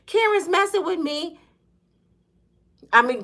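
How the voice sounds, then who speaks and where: A woman's voice: mid-range voice, lively intonation, fairly quick, fairly bright tone. A woman in her fifties hosting her own channel, talking in a casual, joking way and acting out little scenes as she goes. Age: 50s. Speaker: channel host. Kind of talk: casual commentary vlog.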